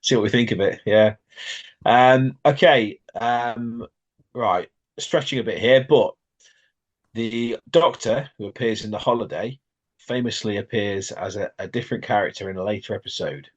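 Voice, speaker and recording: A man's voice: lowish voice, moderate pace, highs cut off. A man co-hosting a podcast, casually running a quiz for his friend and calling him mate. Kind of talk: casual chat.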